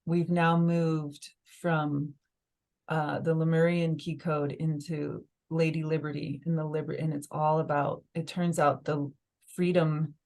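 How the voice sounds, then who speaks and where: A woman's voice: low-pitched, flat delivery, unhurried, a little mellow. A woman telling a personal story as a podcast guest in casual conversation, emotional and full of "like" fillers. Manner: emotional, filler-heavy, lots of "like".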